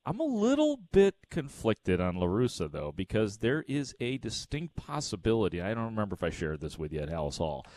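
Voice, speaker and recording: A man's voice: fairly low pitch, wildly swooping pitch, darkish tone, dry recording. A man hosting a casual sports radio talk show, chatty and amused. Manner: chatty and amused, quick to laugh. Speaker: radio host.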